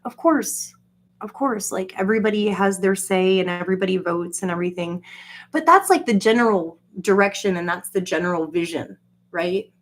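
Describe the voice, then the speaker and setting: A woman in a casual solo monologue, ranting profanely with lots of fillers and acting out quoted voices. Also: moderate pace. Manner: profane, animated, jokey rants with frequent fillers; acts out quoted voices with jumps in pitch. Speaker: solo vlogger.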